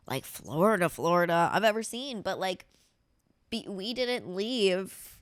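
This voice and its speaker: A woman's voice: medium pitch, dry recording, studio quality. Brash, foul-mouthed woman podcast host. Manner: brash, sarcastic, swears often. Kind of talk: casual comedic podcast chat.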